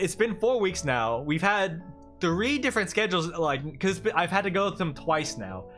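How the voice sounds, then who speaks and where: A young man with a slightly high voice rambles in exasperation on a live stream, with plenty of fillers. His delivery is casual and heated. Faint music plays in the background. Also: a bit bright.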